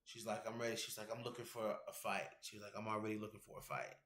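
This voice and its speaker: On a casual MMA livestream, a man with a lowish voice talks at a quick pace with fairly even intonation. His delivery is pushed and bright, and the sound is roomy. He rambles, curses, and reads viewers' chat messages out loud.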